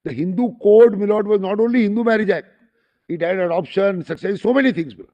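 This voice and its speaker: A man's voice: high voice, fast talker, mellow. A man with an Indian accent argues formally before judges, deferential and emphatic, constantly addressing the bench. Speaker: lawyer arguing before a bench. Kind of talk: formal courtroom argument. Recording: dull lo-fi courtroom recording.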